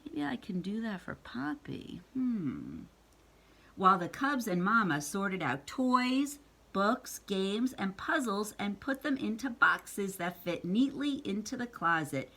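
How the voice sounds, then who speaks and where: A woman's voice: medium pitch, bright, forceful tone. A woman reading a picture book aloud to a child, playful and stopping to ask the listener questions. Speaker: storyteller.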